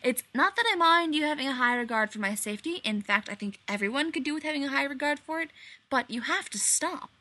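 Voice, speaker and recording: A woman voicing an impatient adult male scientist who speaks in a brisk, matter-of-fact way. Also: high voice, animated, pushed and bright, voice pushed up.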